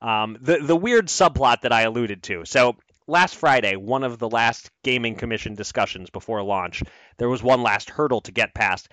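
A man's voice: mid-range voice, moderate pace, fairly bright tone, no room sound. A man from Philadelphia hosting a casual podcast, chatty with frequent restarts. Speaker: podcast host.

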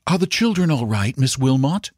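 A man reading a story aloud and voicing an anxious upper-class mother in a strained falsetto. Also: sing-song, normal speed, darkish tone, breathy edge, dry recording, clean studio sound.

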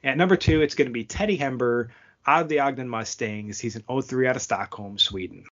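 A man co-hosting a hockey podcast in casual chat, rambling and animated, laughing at his own stumbles. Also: mid-range voice, fairly quick. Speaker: podcast co-host. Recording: dull lo-fi audio.

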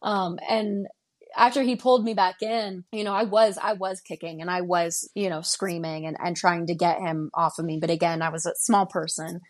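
A woman's voice: lowish voice, steady tone, moderate pace. Young woman from Denver telling her story. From Denver, Colorado. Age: 20s. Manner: tells events in present tense, acting out dialogue. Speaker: guest. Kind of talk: recounting a personal story.

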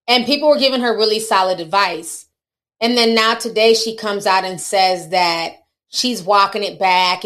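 A woman's voice: mid-range voice, fairly bright tone. A woman giving chatty, opinionated commentary on celebrity news, speaking straight to her viewers. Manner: chatty, opinionated, laughs and teases. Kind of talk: casual commentary.

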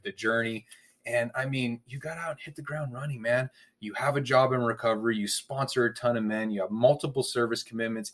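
A man's voice: mid-range voice, a bit bright. A man in heartfelt casual conversation about recovery, earnest and emotional, dropping "dude" and "man" often.

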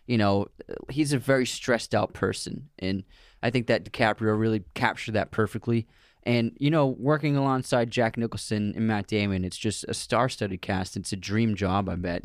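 A man's voice: on the low side, no room sound, clean studio sound. A man co-hosting a podcast, giving opinionated takes on actors and films in a casual chat. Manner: opinionated, talks through his views. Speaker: podcast co-host. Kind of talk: casual film discussion.

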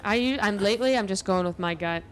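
A woman's voice: mid-range voice, fast, a little hiss or hum. A young woman in casual conversation, agreeing often and chiming in supportively. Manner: supportive, frequent short agreements. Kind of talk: casual chat.

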